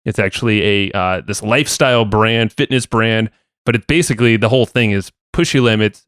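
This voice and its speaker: A man's voice: fairly low pitch, brisk, a bit bright, clear, resonant tone, no echo, clean studio sound. A man co-hosting a podcast, chatting loosely and joking with his partner. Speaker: podcast co-host. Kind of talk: casual podcast banter.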